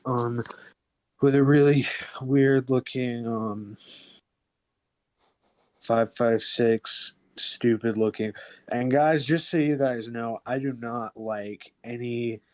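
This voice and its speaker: A man's voice: medium pitch, steady tone, slow, pauses often, darkish tone, dry recording. A man co-hosting a casual podcast, blunt and crude in a sarcastic way, and short of breath. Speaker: podcast co-host. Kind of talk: casual chat, gun critique.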